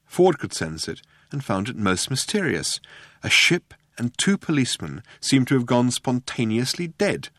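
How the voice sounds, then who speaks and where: A man doing scripted narration of an audiobook in a dry, measured way. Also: mid-range voice, sing-song, a bit bright, no echo.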